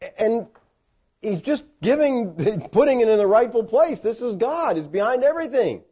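Animated preacher man with a mellow voice. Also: moderate pace, husky. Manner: animated storytelling with sudden loud, high bursts; folksy asides and self-deprecating humor. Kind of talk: sermon.

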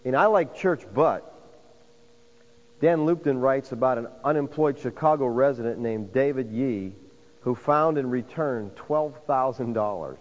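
A man's voice: medium pitch, measured pace. Pastor guy preaching, long echo off the hall, bit dull and muffled. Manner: preaching with rising emphasis, addresses listeners as folks. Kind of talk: sermon.

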